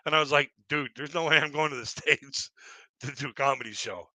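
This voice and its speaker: A man's voice: mid-range voice, fairly quick, sharp tone, no echo. A man from Canada telling rambling, self-deprecating stand-up stories and laughing at his own jokes. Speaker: stand-up comedian. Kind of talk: stand-up storytelling on a live stream.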